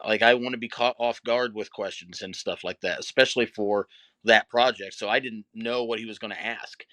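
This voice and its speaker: A man's voice: on the low side, fairly even intonation, normal speed, sharp tone, no echo. A middle-aged man, a wrestler guest, talking candidly and reflectively in a casual interview, with many fillers.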